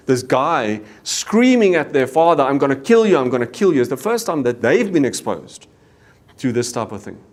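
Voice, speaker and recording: A middle-aged South African man, a company CEO, candidly telling a personal story to staff and acting out the dialogue. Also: medium pitch. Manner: candid storyteller, acts out dialogue, Afrikaans exclamations. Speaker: company CEO giving a talk.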